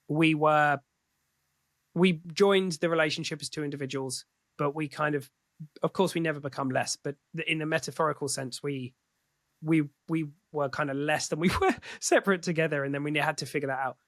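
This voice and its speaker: A man's voice: fairly high pitch, a bit bright, no echo. A man speaking as a podcast guest in candid, casual conversation, swearing freely and often restarting his sentences.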